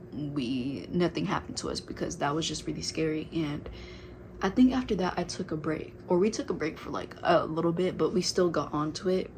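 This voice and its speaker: A woman's voice: deep voice, background noise. A young adult woman telling a casual storytime to her viewers, chatty and full of fillers, calling them girl. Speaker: vlogger.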